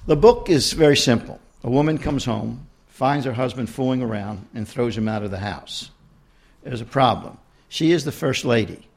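A man's voice: on the low side, vocal fry, slightly rough. A man, an author, introducing and reading a passage from his book to an audience in a conversational way.

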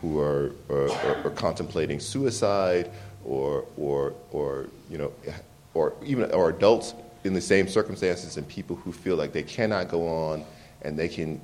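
A man's voice: low-pitched, a little hiss or hum. A man, an author, telling personal stories in an interview with frequent restarts and laughter. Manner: animated, laughs often, halting restarts. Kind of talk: candid conversational storytelling.

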